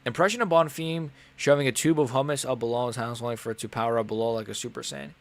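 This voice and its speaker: A man's voice: medium pitch, quick pace. A young man casually commentating a live fight on a stream, swearing and getting worked up, often grumbling under his breath. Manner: casual, swearing, animated and frustrated. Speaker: MMA streamer.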